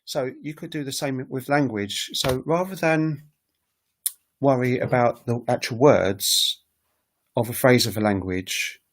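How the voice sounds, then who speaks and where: A man's voice: mid-range voice, a little slow. A man teaching on a casual livestream, talking in a rambling, hesitant way with many fillers. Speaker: language teacher and recorder player. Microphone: webcam livestream setup.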